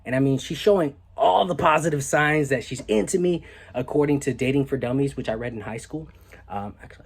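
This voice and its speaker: A young man vlogging, telling a story casually and with animation, often dropping to hushed asides. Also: medium pitch, fairly quick, vocal fry, husky.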